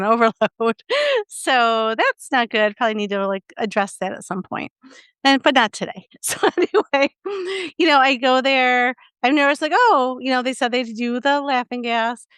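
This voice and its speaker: Young woman podcast host rambling thru a story, high smooth voice, dry close sound. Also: no room sound. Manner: animated storytelling with lots of fillers and acted quotes. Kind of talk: casual chat.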